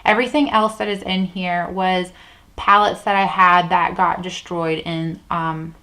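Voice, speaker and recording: A woman's voice: lowish voice, fairly even intonation, measured pace, sharp tone, low-quality recording. A woman vlogging about beauty products in a rambling, chatty way, full of fillers and restarts, while sitting at a table indoors. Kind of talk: casual chat.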